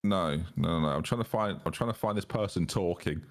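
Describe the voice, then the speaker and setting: A man's voice: low-pitched, fairly quick. A man hosting a game stream, chatting casually and teasing his friends over voice chat. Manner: teasing, jokey. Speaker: streamer host.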